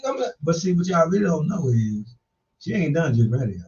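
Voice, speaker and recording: A man's voice: sing-song, brisk, dark tone. A middle-aged man hosting a casual talk show, telling loose, rambling stories with playful jabs. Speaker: host. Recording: distant mic, dull low-fidelity sound.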